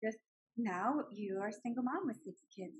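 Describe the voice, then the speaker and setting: A woman in her forties telling her personal story with animated emotion, laughing often. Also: fairly high pitch, normal speed, breathy edge, highs cut off. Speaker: guest sharing her story. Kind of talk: personal testimony.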